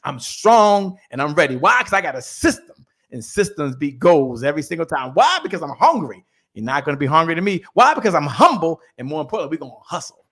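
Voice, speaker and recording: A man's voice: a little high, big pitch swings, fast talker, a bit bright, husky. A man giving a fired-up motivational talk on a podcast, preaching with chants and call-and-response. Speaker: guest speaker. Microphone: remote call.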